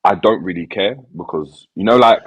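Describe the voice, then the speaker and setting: A man talks football in a casual podcast chat, sounding laid-back and resigned, and he leans on slang and repeats his phrases. His voice sits very low with a husky, grainy edge. The recording is close and dry. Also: moderate pace, dry recording, poor audio. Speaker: football fan panelist.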